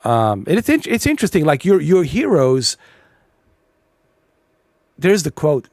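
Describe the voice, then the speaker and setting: A man's voice: mid-range voice, lively intonation, moderate pace, a little mellow, no room sound. Profane rambling male gaming host. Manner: profane, blunt, rambling with many fillers. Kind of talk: casual rant over gameplay.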